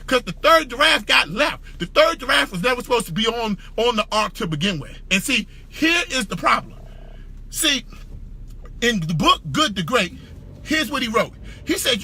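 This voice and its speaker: A man giving a motivational business talk, emphatic and repetitive, shouting for emphasis and calling out to the audience. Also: very high-pitched, creaky, husky. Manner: preacher-like call-and-response. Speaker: business speaker.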